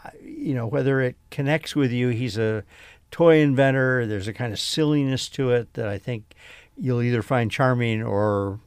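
A male film critic with a gravelly voice talks through a movie. He rambles and restarts as he thinks. The studio sound is dry and close. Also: medium pitch, moderate pace, dry recording. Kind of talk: radio film review chat.

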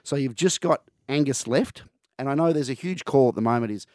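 A man's voice: medium pitch, brisk, a little mellow, no room sound. Passionate radio man, dry. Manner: passionate and chatty, full of fillers and restarts. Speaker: breakfast radio co-host. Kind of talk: casual radio chat. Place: radio studio. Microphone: close studio mic.

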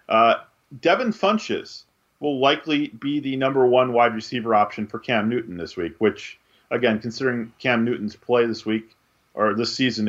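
A man co-hosting a casual sports podcast, talking through picks in a measured, analytical way with frequent fillers. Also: medium pitch, a bit bright, muffled recording. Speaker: podcast co-host.

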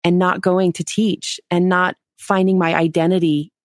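Animated woman telling a story, dry sound. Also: lowish voice, moderate pace, no echo. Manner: animated storyteller, acts out quotes with laughter. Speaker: podcast guest. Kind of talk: storytelling interview.

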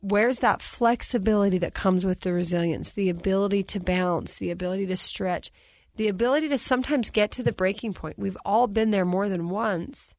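A woman in her forties hosts a podcast from a studio, speaking candidly and expressively as she tells personal stories. Her pitch sits in a middle range, and the sound is close and dry. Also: fairly quick, a little mellow, no room sound. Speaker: podcast host. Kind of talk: podcast conversation. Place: recording studio.

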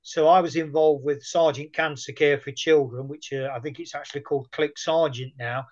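A man's voice: a little high, steady tone, moderate pace. A man telling anecdotes in a casual conversation, chatty and rambling. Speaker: guest. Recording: muffled lo-fi audio.

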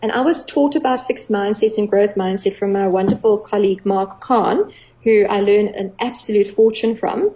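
A middle-aged woman, a clinical psychologist, explaining earnestly on a radio talk show, with gentle playful examples. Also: mid-range voice, moderate pace, rough recording.

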